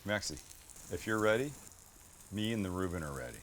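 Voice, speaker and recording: A middle-aged man hosts a cooking show from a kitchen with a flat-top grill, chatting casually and enthusiastically as he cooks, joking around and swearing a bit. His voice is deep, expressive, and a little bright, delivered slightly fast. There's a touch of background noise.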